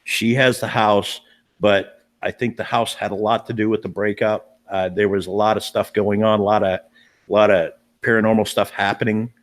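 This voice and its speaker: A man's voice: fairly low pitch, little pitch movement, moderate pace. Man, paranormal investigator, casual storytelling, earnest, emphatic, repeats himself. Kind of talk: casual storytelling on a live stream.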